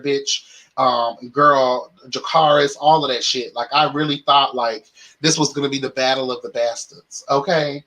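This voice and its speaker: A young man hosting a casual chat show, telling a story in a flamboyant, sassy, animated way and speaking straight to his listeners. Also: mid-range voice, low-quality recording. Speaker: podcast host.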